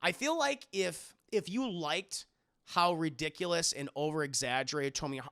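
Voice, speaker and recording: A man talks through a film review on a live stream in a gravelly voice, pitched a little above the usual male range. His tone is bright and edgy. He rambles, circles back on his own points, and swears freely while answering his chat. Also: moderate pace. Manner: rambling, repeats himself, swears, chats with viewers.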